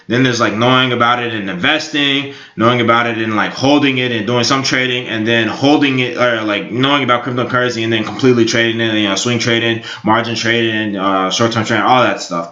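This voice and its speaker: A man's voice: mid-range voice, fairly quick, hardly any pauses, sharp tone. A man in his twenties giving rambling, upbeat casual commentary on crypto markets, full of fillers. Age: 20s. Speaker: crypto YouTuber. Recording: echoey room, dull lo-fi sound.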